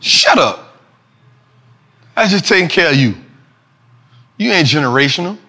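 A man hosting a casual finance talk show, animated and preachy, full of slang and repeating lines for emphasis. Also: fairly high pitch, fairly quick. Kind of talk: casual market commentary.

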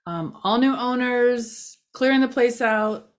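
A woman's voice: fairly high pitch, slow pace. A woman giving a casual local news update outdoors near a parking lot, chatty and rambling, with many fillers and self-mocking asides.

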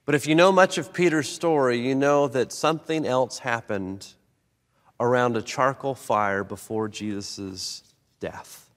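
A man preaching a sermon, animated, swinging between loud emphatic lines and soft low ones. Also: a little slow. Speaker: pastor. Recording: long reverb of a large hall.

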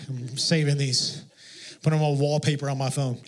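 A man's voice: medium pitch, fairly even intonation, normal speed. A man preaching a sermon in a conversational, self-deprecating storytelling manner, often restarting his sentences. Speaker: pastor.

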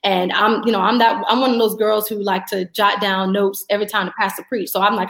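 Animated woman telling a faith story, echoey room. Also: medium pitch, a little fast, few pauses. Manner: animated storyteller, acts out her own dialogue. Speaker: podcast guest. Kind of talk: faith testimony in conversation.

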